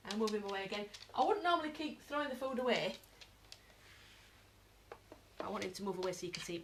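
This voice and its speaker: A British woman giving a casual live dog-training lesson at home, chatting to viewers and breaking into high-pitched praise for her dog. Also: expressive, rapid-fire, hardly any pauses, heavy background noise. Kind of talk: live-streamed training demo.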